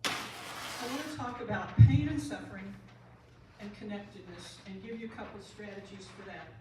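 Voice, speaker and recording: A woman's voice: medium pitch, normal speed. A woman, an end of life doula and pastor, giving an earnest talk to an audience and repeating her key phrases for emphasis. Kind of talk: conference talk to a live audience. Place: large room, speaking to an audience. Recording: very echoey room audio from far off, light hiss.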